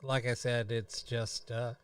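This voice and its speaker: A tired man hosting a live stream, chatting casually in a halting way with many pauses and fillers. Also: medium pitch, level tone, clear, resonant tone, dry recording, distant mic. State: tired, yawning.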